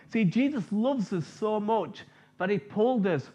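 A man's voice: high-pitched, expressive, fast, darkish tone. A man preaching an informal sermon, chatty and jokey, telling personal stories, on a dull lo-fi recording.

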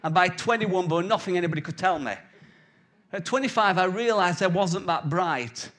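A man's voice: high voice, moderate pace, fairly bright tone. A man in his forties preaching a conversational sermon with jokes and anecdotes. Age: 40s.

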